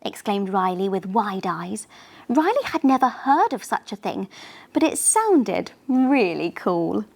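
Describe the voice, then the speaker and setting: Animated woman reading a bedtime story. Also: mid-range voice, unhurried, vocal fry.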